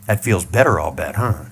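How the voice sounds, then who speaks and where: A man leading a live audience through a mental exercise, mixing blunt swearing with calm repeated cues. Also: low voice, a little hiss or hum. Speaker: seminar trainer.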